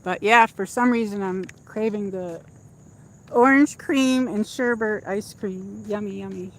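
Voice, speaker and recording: Walking through a shopping area at dusk, a woman hosts a casual livestream, rambling into a handheld phone with plenty of fillers. Her voice sits at a medium pitch and moves a little slowly as she keeps up the walk-and-talk chat.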